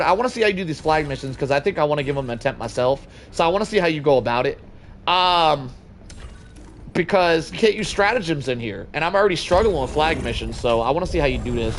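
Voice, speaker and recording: A man hosting a live game stream and chatting with his viewers in a loud, excitable, joking way, swearing freely. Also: on the high side, slight background noise. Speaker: livestream host. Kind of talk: casual live gameplay commentary.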